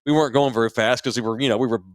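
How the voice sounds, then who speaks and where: A man hosting a talk show, telling a story in an animated, profane and self-mocking way. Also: medium pitch, rapid-fire, dry recording, studio quality. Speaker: podcast host. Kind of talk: casual storytelling.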